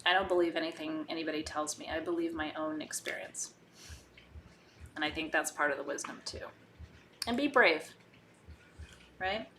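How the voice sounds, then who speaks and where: A woman's voice: low-pitched, normal speed, pauses often, pushed and bright, a little hiss or hum. A woman hosting a live online spiritual session, talking casually and candidly with her viewers. She asks rhetorical questions and often adds a "right?". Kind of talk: casual live-stream teaching, reading viewer comments.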